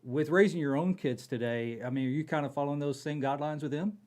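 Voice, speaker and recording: A man's voice: fairly high pitch, fast talker, darkish tone. A man hosting an interview, asking loose, rambling questions with many fillers. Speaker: host.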